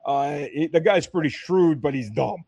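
A man talking casually about politics with another man. He speaks in an animated way, often laughs, and trails off and restarts his sentences. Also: a little high, moderate pace, gravelly, slightly rough, dry recording, dull audio.

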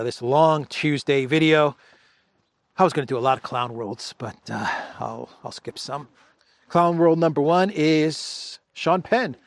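Male commentary host, gravelly fry, mid pitch, wry and casual. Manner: wry, chuckling, loose with restarts. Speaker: host of a political commentary show.

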